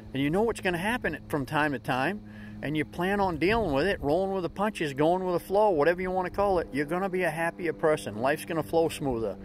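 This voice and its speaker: A man's voice: fairly high pitch, slight background noise. A middle-aged man hosting a daily vlog, giving folksy, upbeat motivational talk in plain slang. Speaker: vlog host.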